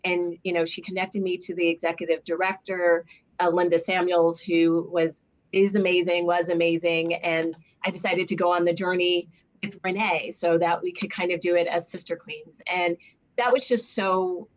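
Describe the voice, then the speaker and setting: Chatty woman with a lower voice. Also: little pitch movement, normal speed. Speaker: guest sharing memories. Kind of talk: casual video-call conversation.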